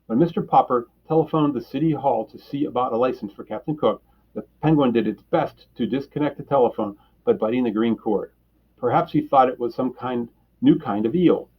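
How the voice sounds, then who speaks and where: A man reads a children's book aloud in a steady, plain voice with a husky edge, clearing his throat now and then. The recording is dull and lo-fi. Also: medium pitch, fairly quick. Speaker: storyteller.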